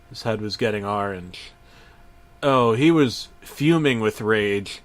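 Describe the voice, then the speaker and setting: A man narrating a parody horror story in a deadpan voice, breaking into sudden shouted outbursts and swearing. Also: mid-range voice, takes it slowly.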